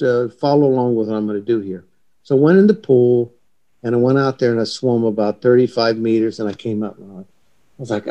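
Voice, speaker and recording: A middle-aged man telling a long, rambling anecdote in a casual chat, animated and profane, acting out the other people in his story. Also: mid-range voice.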